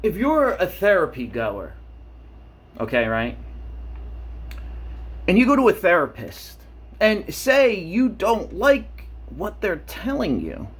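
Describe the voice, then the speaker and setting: A man's voice: sits high, huge pitch swings, slow, long pauses, husky. A man in his late thirties giving a rambling, profane monologue for his vlog, talking himself into a worked-up state in his shower. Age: 30s. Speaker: vlogger. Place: home shower.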